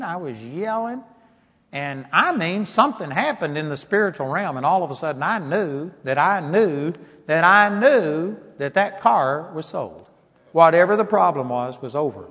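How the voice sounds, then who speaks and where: A high-pitched male preacher delivers a fiery sermon, his voice climbing into shouts and dipping into mocking whines. The sound carries a long reverb from a large hall. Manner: impassioned, building to shouts, mocking whiny voices.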